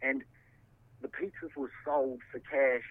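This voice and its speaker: A man speaks over a phone line that sounds thin and tinny. His voice sits at a middling pitch. He argues defensively, with frequent curses and stumbling restarts. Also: wildly swooping pitch, gravelly. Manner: defensive, swearing, halting restarts. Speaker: interviewee. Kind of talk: heated phone interview.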